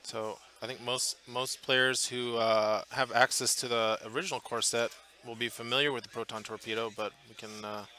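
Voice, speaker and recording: A man's voice: medium pitch, fairly even intonation, moderate pace, few pauses, pushed and bright. A man commentating live on a tabletop tournament match, chatty and thinking aloud with fillers and restarts, from a booth at the event. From Portland area, US.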